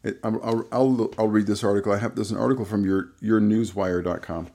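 A man co-hosting a casual podcast, rambling and halting, laughing easily and stumbling over words. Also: fairly low pitch, fairly even intonation, mellow. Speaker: podcast co-host. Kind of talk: casual chat.

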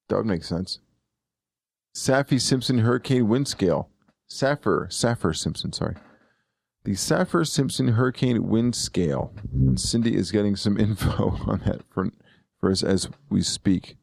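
Male host, low gravelly voice, rambling and self-correcting, dry close sound. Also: expressive, a little slow, a little mellow, dry recording. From eastern Pennsylvania. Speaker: podcast host. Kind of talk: casual chat.

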